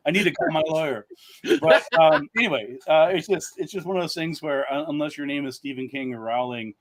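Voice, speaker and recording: A man's voice: a little high, a little fast. A man speaking as a guest author in a casual live-stream chat, rambling with lots of "uh" fillers and restarts.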